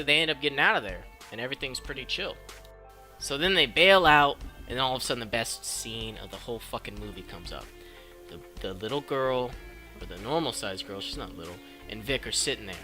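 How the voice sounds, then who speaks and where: A man recapping a film casually, swearing a lot and rambling excitedly, on a cheap mic. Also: mid-range voice. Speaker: film review vlogger. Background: background noise and faint music.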